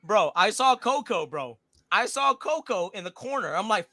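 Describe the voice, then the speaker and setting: High, bright-voiced profane podcast man. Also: lively intonation, normal speed, dry recording. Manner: profane, storytelling, laughs often. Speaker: podcast co-host. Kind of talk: casual chat.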